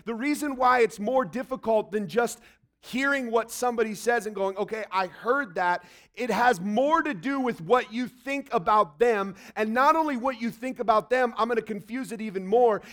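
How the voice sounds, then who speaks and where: A man's voice: very high-pitched, fairly bright tone. A man preaching a sermon in a conversational way, acting out little quotes. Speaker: pastor.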